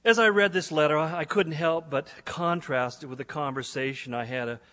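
A man's voice: on the high side, a little fast, bright, forceful tone. A man, a pastor, reading a letter aloud in a sermon in an earnest, dramatic way. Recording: echoey hall.

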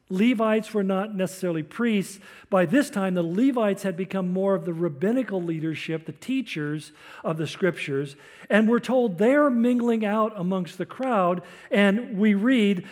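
A man's voice: high voice, a little mellow. An older man preaching a sermon, explaining scripture in a teaching tone with storytelling asides. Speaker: pastor.

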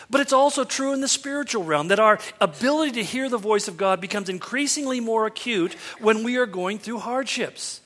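High-voiced man preaching in a reverberant hall. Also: sharp tone. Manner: earnest preaching with quoted lines and rhetorical questions. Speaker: pastor. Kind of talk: sermon.

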